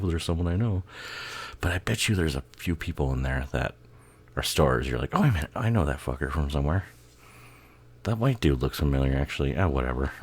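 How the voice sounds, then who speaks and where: A man giving casual, rambling commentary over a music video, swearing and laughing, a bit tired and tipsy. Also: a bass voice.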